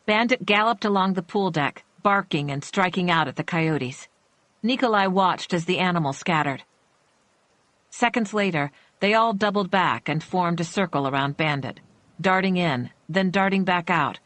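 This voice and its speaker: A woman narrating a suspense thriller audiobook in a measured, tense storytelling manner. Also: lowish voice, a bit bright, no room sound.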